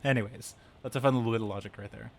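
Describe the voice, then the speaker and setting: A man's voice: medium pitch, very fast, creaky. A man casually commenting on a game he plays, chatty and laughing often while reading text aloud. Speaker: let's play gamer. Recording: steady background noise.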